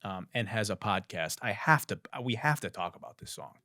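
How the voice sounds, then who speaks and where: Sarcastic, animated male podcast host. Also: lowish voice, fairly quick, heavy background noise. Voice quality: musician. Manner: sarcastic, swearing, animated mockery. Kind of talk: comedic commentary.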